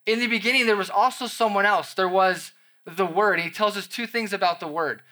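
A man's voice: sits high, fairly quick, bright, forceful tone. A man, the pastor, preaching a sermon to his congregation with playful, conversational asides.

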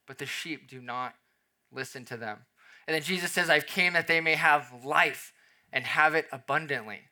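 A young adult man preaching a sermon, dropping to a soft emphasis on key phrases and swinging his loudness up and down. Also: a little high. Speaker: pastor.

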